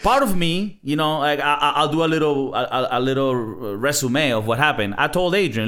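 A man's voice: a little high, expressive, normal speed, few pauses, a bit bright. A man hosting a podcast in casual chat, profane and rambling. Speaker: podcast host.

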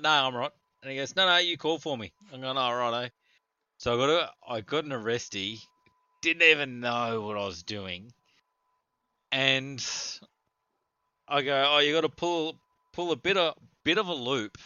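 Bright, animated man. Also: medium pitch, smooth, no room sound. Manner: animated, laughs while telling stories. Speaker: podcast co-host. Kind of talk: casual storytelling chat. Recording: dull, lo-fi sound.

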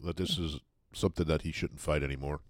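A man with a very deep voice drops dry, sarcastic one-liners in laid-back banter. The recording is close and dry, with no room sound. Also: steady tone, quick pace, no room sound. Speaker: podcast co-host. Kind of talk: casual banter.

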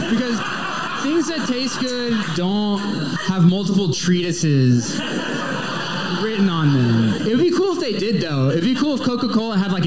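A man's voice: a little high, reverberant, low-quality recording. A man riffing comedically on a podcast with a sarcastic, joking delivery. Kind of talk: comedic riff. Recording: crowd noise behind.

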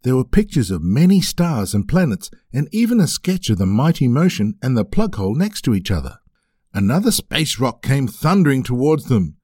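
A man narrating a children's storybook with an expressive reading. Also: mid-range voice, normal speed, no echo, studio quality.

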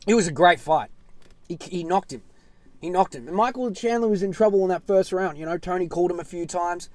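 A man hosting a casual solo podcast, talking excitably and with plenty of swearing, swinging from loud bursts to low mutters. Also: fairly quick, no echo. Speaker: podcast host.

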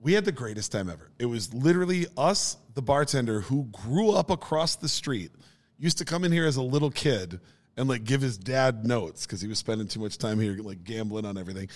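A man's voice: mid-range voice, brisk, long reverb tail. A man co-hosting a podcast, telling stories casually with lots of energy, cursing and laughing along the way. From Minnesota. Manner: animated storyteller, swears casually, laughs often. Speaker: podcast co-host. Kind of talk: casual storytelling chat.

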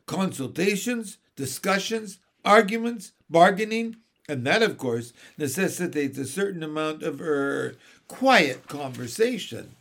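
Male reader voicing a shrill, cheeky storybook starling; greedy, bossy, bouncy delivery. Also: very animated, a little slow, creaky, fairly bright tone, full character voice. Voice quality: shrill, cockney-tinged. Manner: cheeky and wheedling.

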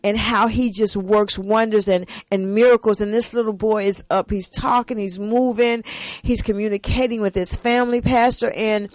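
A woman's voice: medium pitch, fairly even intonation, moderate pace, a little mellow, dry recording, rough recording. A woman hosting a faith-based talk show, speaking with passion and often addressing her guest as Pastor. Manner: impassioned, repeatedly addressing the pastor. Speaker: host.

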